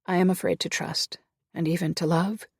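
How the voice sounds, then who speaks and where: A frightened, defiant young woman with a raised, sharp-edged voice, as a male narrator puts her on. She turns shrill when angry and anxious when questioning. The audiobook sound is close and dry. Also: little pitch movement, normal speed, creaky, dry recording.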